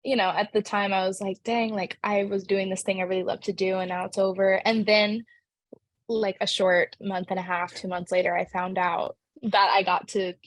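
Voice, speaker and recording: A woman's voice: medium pitch, level tone, normal speed, no room sound. Bubbly young woman, chatty and dry. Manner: bubbly, chatty, many "like" fillers. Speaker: actress, interview guest. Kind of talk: casual interview answers.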